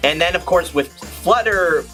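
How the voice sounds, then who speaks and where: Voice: medium pitch, a little slow, bright, forceful tone, soft background music. A video host commentating casually on a film, chatty and rambling, with many restarts and asides.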